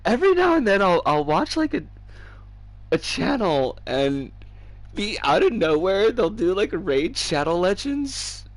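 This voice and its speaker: An American woman in her forties chatting casually on a game stream, animated and giggly with sudden excited squeals. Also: medium pitch, a little slow, no room sound. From United States. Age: 40s. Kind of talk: casual livestream chat while gaming. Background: game music.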